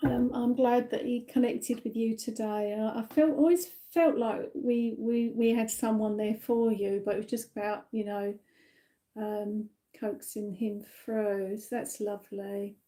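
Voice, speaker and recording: A woman from the UK giving a live-stream psychic reading, gentle and reassuring, with many fillers and tag questions, a little tired. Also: fairly high pitch, fairly even intonation, measured pace. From United Kingdom. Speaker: psychic medium.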